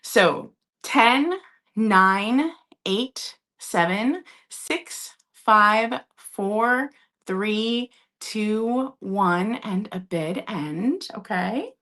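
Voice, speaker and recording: A woman's voice: mid-range voice, expressive, pushed and bright. Chatty woman hosting a live vintage sale. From Minnesota. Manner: chatty, upbeat, quick asides to chat. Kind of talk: casual live-stream selling.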